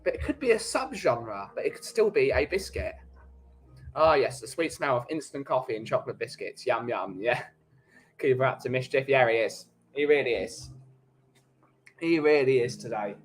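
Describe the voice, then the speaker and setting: A man's voice: mid-range voice, expressive, normal speed, slight background noise, rough recording. Jokey London man hosting a chat. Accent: London English. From England. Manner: jokey, rambling banter. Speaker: host of a live coffee chat stream. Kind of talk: casual chat with a live chat.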